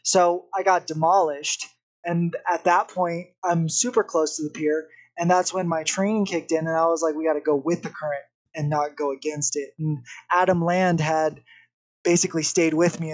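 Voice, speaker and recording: Animated young man telling a story. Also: on the high side, moderate pace. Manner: animated, vivid retelling with acted-out quotes. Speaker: podcast guest. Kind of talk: casual storytelling.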